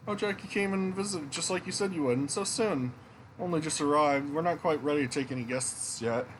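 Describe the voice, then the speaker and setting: A man's voice: a little high, a little fast, slight background noise, voice pushed up, lightly acted, rough recording. A man voicing an earnest young woman innkeeper with a put-on Scottish accent. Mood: flustered.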